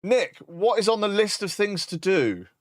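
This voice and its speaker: A man chatting casually on a live stream while coding, joking, swearing and dictating instructions slowly. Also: sits high, very animated, no echo, clean studio sound.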